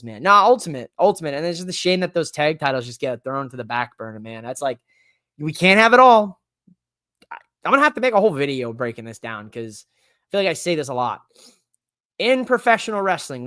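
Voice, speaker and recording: A man hosting a live-streamed podcast in a casual, excitable, rambling way, with emphatic bursts. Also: on the high side, a little fast, no room sound, studio quality. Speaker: podcast host.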